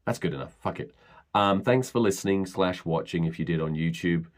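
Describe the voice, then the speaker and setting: A deep-voiced man hosts his own podcast alone and rambles through a blunt rant. He swears freely, stops and restarts his thoughts, and sounds casual and unpolished. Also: brisk. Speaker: podcast host.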